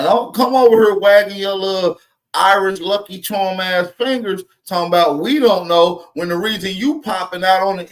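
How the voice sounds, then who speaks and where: A man's voice: high voice, fairly bright tone, rough recording. Brief: male channel host, slangy, confrontational commentary delivery. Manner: combative, street slang, calls out a rival. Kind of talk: casual commentary video.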